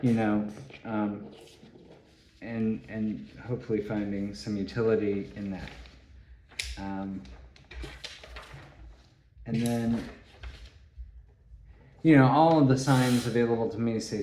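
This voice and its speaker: Halting man musing in an echoey room. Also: fairly low pitch, steady tone, mellow, slight background noise. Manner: halting, many restarts and trailing phrases. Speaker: solo talk host. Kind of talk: rambling spoken monologue.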